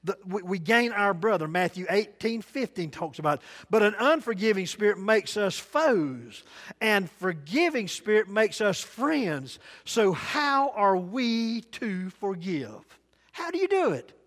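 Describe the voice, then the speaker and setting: A man preaching a sermon, telling folksy stories in dialect and shifting between loud and soft delivery. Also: high-pitched, lively intonation, measured pace. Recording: long hall reverb.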